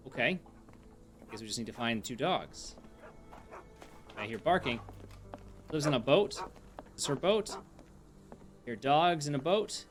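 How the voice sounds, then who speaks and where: A man streaming a video game live, thinking aloud and gently mocking himself. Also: medium pitch, animated, measured pace, pauses often, soft background music.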